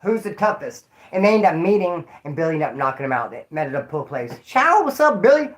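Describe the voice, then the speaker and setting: A man from California hosting his own channel, chatting casually in rambling street slang with loud shout-outs to viewers. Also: on the high side, fast talker. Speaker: YouTube channel host. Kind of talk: casual livestream chat.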